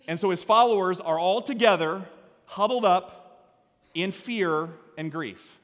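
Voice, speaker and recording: A man preaching a sermon as pastor, energetic, swinging from quiet storytelling to loud exhortation. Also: high voice, measured pace. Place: church sanctuary. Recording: long reverb of a church hall.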